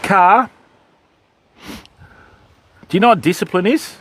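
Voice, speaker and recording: A man's voice: high voice, slow pace, fairly bright tone. Australian man, casual stream chat, outdoors, faint background noise. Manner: chatty, matey, answering viewers. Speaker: fishing streamer. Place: beach at dawn, outdoors.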